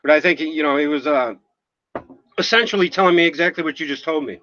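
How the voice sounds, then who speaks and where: A man's voice: a little high, fast, bright, forceful tone, highs cut off. A man hosting a livestream, talking emotionally and apologetically, rambling and swearing often. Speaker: livestream host. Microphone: phone.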